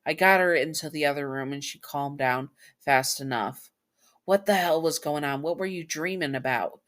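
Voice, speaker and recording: A woman's voice: deep voice, normal speed, fairly bright tone. Protective male doctor, concerned, doting partner, read by a woman, fan fiction read-aloud. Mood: worried. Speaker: storyteller voicing a character.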